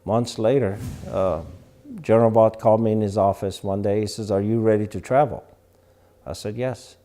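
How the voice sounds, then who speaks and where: Older man telling war stories, mellow voice. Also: fairly low pitch, normal speed. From Iran. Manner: animated storyteller acting out quoted dialogue. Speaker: interviewee, veteran. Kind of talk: storytelling interview.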